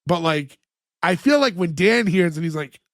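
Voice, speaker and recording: High-pitched dude recapping a sitcom on a podcast, dry close mic, lots of "like"s. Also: male voice, animated, normal speed, a bit bright, dry recording. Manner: chatty, many "like" fillers, laughs while retelling scenes. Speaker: podcast co-host. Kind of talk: casual chat recapping a sitcom episode.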